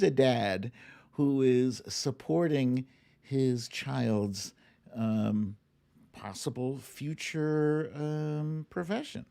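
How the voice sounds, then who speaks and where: A man's voice: medium pitch, lively intonation, slow, a little mellow, smooth. A man hosting a livestream, chatting casually about politics, laughing often and drawling when he mocks something. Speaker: livestream host.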